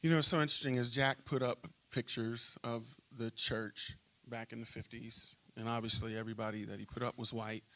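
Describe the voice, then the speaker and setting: A middle-aged man, a pastor, telling a story in a church interview and acting out shouting crowds. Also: mid-range voice, a little fast. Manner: animated storyteller, acts out crowd chants.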